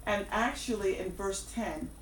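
A woman's voice: medium pitch, unhurried. Woman preaching a sermon, lots of emphasis and repeats, faint room noise behind, sounds a bit far off. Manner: emphatic, repeats key phrases. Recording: echoey room, distant mic, faint background noise.

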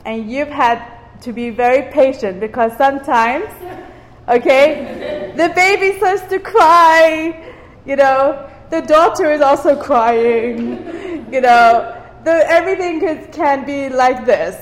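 A woman's voice: sits high, takes it slowly. A woman from Cyprus leading an informal devotional talk for a small group. She engages her listeners with questions and repeats words for emphasis. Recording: roomy hall with long reverb.

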